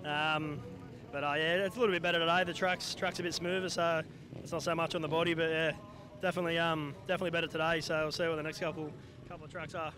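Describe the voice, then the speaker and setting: An Australian man in sidecar racing, answering in a tired, low-key way. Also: flat delivery, fast talker. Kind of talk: casual trackside interview. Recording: outdoors with loud crowd behind.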